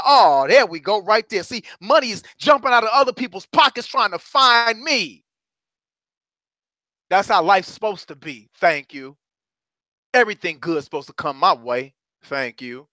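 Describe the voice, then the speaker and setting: A middle-aged man preaches a motivational message in a fiery, sermon-like way, moving between loud calls and low, hushed asides. His voice sits high and sounds bright and forceful. The recording is dry and close, with no room sound. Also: lively intonation, moderate pace, no echo. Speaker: motivational courage coach.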